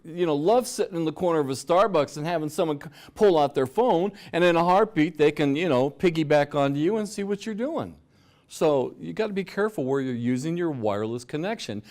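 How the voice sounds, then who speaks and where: Lively man giving a fraud-warning talk. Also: medium pitch. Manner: lively, conversational, acts out scammers' lines. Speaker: fraud prevention speaker. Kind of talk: presentation to an audience.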